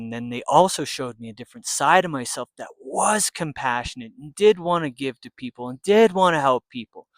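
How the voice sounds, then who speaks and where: A man's voice: fairly high pitch, no echo. Man telling a wild story, cursing. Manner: swearing freely, animated, jumps between hushed and loud. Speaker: podcast host telling his story. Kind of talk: casual personal storytelling.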